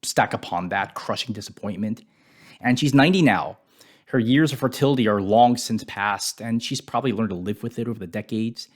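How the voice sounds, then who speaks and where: Man, lowish voice, devotional Bible teaching, reflective, hushed on sad words. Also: fairly quick. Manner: reflective, drops to a hush on painful words.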